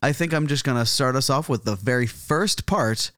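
A man's voice: medium pitch, normal speed, a bit bright, dry recording, studio quality. A man co-hosting a podcast, introducing the episode in a casual, rambling way, chuckling and thinking aloud. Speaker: podcast co-host.

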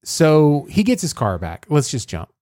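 A man's voice: fairly high pitch, huge pitch swings, a little slow, mellow, dry recording, clean studio sound. A man hosting a podcast, recapping a movie in casual chat, rambling with lots of fillers and laughs. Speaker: podcast host.

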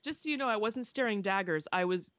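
A woman's voice: mid-range voice, lively intonation, quick pace, fairly bright tone, no echo, muffled recording. A woman in casual chat, speaking earnestly and with firm opinions.

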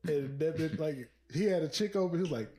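A man co-hosting a casual, profane podcast chat, telling animated stories and acting out the people in them. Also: on the high side, a little fast. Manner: animated storyteller, profane, acts out voices. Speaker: podcast co-host.

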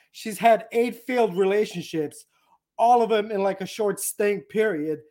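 A man chatting as a guest on a podcast, ranting in an animated, profane way and laughing often. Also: high voice, measured pace. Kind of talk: casual podcast chat.

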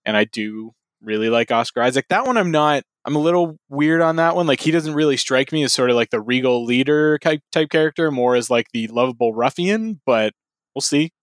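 A man's voice: mid-range voice, brisk, no echo. Laid-back man co-hosting a podcast. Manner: relaxed, swears freely, laughs often. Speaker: podcast co-host. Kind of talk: casual podcast chat.

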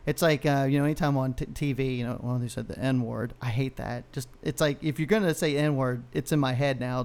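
A man co-hosting a casual podcast, his voice pitched a bit high. He rants loosely, swearing freely and circling back through long, rambling stories. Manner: profane, ranting, animated storyteller. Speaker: podcast co-host. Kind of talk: casual chat.

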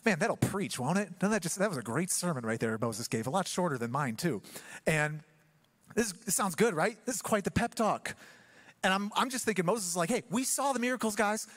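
A man preaching a sermon in church, telling the story with humor and acting out quick asides. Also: sits high, lively intonation, fairly bright tone, breathy edge. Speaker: pastor.

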